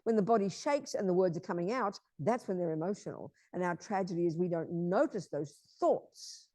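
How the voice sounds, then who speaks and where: A Buddhist nun giving an informal teaching talk, blunt and emphatic in a conversational way. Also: female voice, lowish voice, lively intonation, brisk, warm tone, dry recording.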